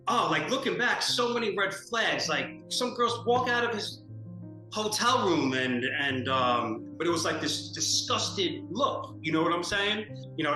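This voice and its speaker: A man's voice: on the high side, pushed and bright. A man giving a documentary interview, talking indignantly and animatedly with lots of fillers. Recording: echoey room with music underneath.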